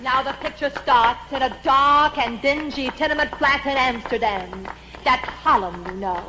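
A woman's voice: high voice, moderate pace, heavy background noise, natural voice. An actress playing a theatrical female movie star diva, talking in a grandiose, breathless, melodramatic gush in the style of 1940s film musicals.

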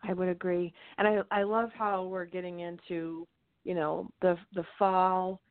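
A woman hosting a casual talk, reflecting gently with many fillers. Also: lowish voice, little pitch movement, unhurried, no echo. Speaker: host. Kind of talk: casual chat. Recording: phone-like narrow sound, dry.

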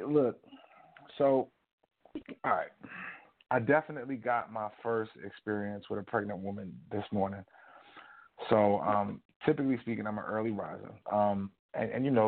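A man co-hosting a casual talk show, telling a rambling, animated story full of fillers. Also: on the low side. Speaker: co-host. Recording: tinny phone-like audio.

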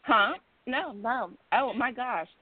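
Over a tinny phone line, a woman with a slightly high voice calls in to a casual discussion show. She speaks slowly, explaining at length in an emphatic, repetitive, rambling way.

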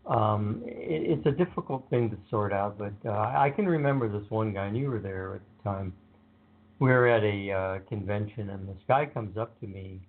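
A man in a casual conversation, telling anecdotes about his work in a relaxed way and acting out what others said. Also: fairly low pitch. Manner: relaxed, anecdotal, acts out quotes. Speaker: author being interviewed. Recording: narrow phone-like sound.

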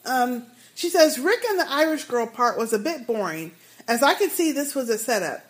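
A woman with a high voice co-hosts a relaxed fan podcast. She reads listener emails aloud and breaks in with animated comments of her own. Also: moderate pace. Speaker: podcast co-host. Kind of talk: casual chat, reading listener emails.

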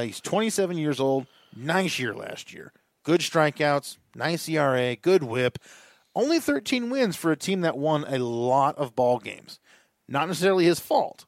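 A man's voice: a little high, big pitch swings, normal speed, no room sound, studio quality. A man co-hosting a podcast, giving opinionated views in casual chat and thinking aloud. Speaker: podcast co-host. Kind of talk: casual fantasy baseball chat.

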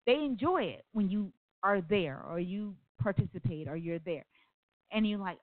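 This call-in radio host is a woman whose mid-range voice carries lively intonation at a moderate pace. Her storytelling is earnest and wanders into asides, captured in a dry, phone-like recording.

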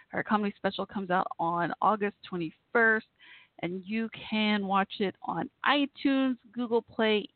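A woman's voice: mid-range voice, dry recording. A woman hosting a live call-in show, chatting in a rambling, friendly way with lots of fillers and restarts. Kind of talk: casual live chat show. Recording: tinny phone-line sound, dry.

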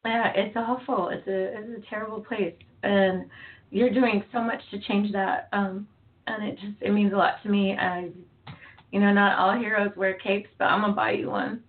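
A woman's voice: mid-range voice, steady tone, normal speed. A woman hosting a podcast interview, talking in an emotional, effusive way with lots of fillers. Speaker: podcast host. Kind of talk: casual interview chat. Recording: tinny phone-like line.

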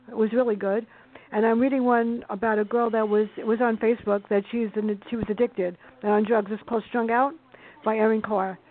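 A woman with a fairly high voice talks in a chatty, animated way. She is a book reviewer speaking as a guest on a talk show. Her voice comes through a tinny phone line. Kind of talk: casual chat on a call-in show.

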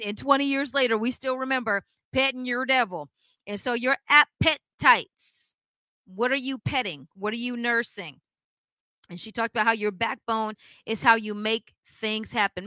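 A woman teaches in an emphatic preaching style, her voice sitting high and ringing bright. She fires pointed questions at her listeners. The recording is close and dry. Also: moderate pace, dry recording. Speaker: co-host of a church broadcast.

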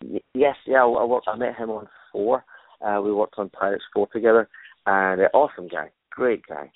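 Low gravelly guy, stuntman chatting in an interview, rambly, lots of ums, tinny dry line. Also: moderate pace, no echo. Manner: rambling, with fillers and restarts. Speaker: stuntman and actor guest. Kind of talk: casual interview storytelling.

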